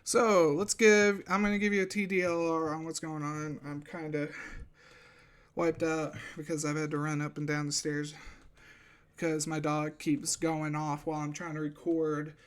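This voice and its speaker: A man's voice: a little high, level tone, normal speed, clear, resonant tone. Breathless man ranting casually at home. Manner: loud sarcastic outbursts, then offhand ranting with swearing. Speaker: VTuber commentator. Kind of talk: casual commentary rant. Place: home, upstairs room. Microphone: desk microphone.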